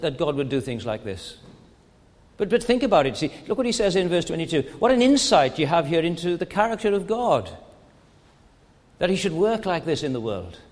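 A man's voice: fairly high pitch, a little mellow, long reverb tail. A man preaching a sermon in an earnest way, asking rhetorical questions and often stammering and restarting his phrases.

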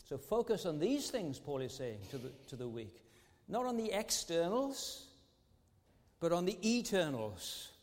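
A man's voice: a little high, big pitch swings, a little slow, darkish tone. A man preaching a sermon as pastor, earnest and fond of rhetorical tag questions. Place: large church sanctuary. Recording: long church hall reverb.

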